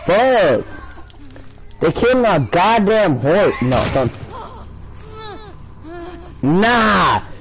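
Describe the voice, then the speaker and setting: A man's voice: high voice, big pitch swings, slow pace, pauses often, soft background music. A man giving casual, profane, trash-talking commentary while playing a game. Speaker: game streamer. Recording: dull lo-fi mic with faint noise.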